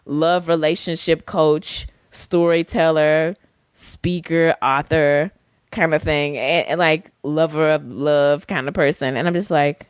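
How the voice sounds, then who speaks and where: Speaking slowly in a deep, clear, resonant voice, this podcast co-host chats casually and tells stories in an animated, expressive way. Her recording is dry and of studio quality.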